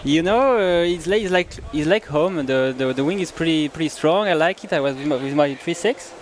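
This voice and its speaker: A man interviewed after competing, halting and hesitant in his answers. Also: a little high. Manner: hesitant, halting, non-native phrasing. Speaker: athlete interviewee. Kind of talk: post-heat interview. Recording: faint outdoor noise.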